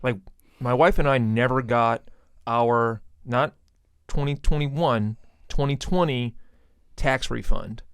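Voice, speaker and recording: A man's voice: mid-range voice, slow, fairly bright tone, smooth, no room sound, studio quality. A man telling a story steadily in casual podcast chat.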